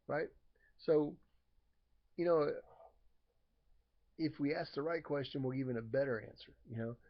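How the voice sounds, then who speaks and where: Casual male lay preacher, mid-pitched, loose rambling delivery with fillers, slightly muffled lo-fi recording. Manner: rambling, many fillers and restarts, acts out voices loudly. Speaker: lay preacher sharing a Bible story. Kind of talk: casual informal sermon.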